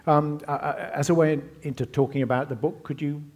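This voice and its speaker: A man hosts an evening event with an author. He reads a prepared introduction in a measured, formal way. Then he asks his guest a question, hesitating a little with "um" and "uh.". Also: on the high side, fairly even intonation, a little mellow. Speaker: event host.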